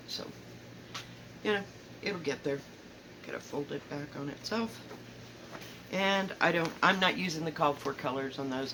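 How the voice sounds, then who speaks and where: Chatty Southern woman, rambling softly. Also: low-pitched, noisy background. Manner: chatty, rambling, self-correcting, often trailing off softly. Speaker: cross-stitch vlogger. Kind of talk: casual show-and-tell chat. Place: home, indoors.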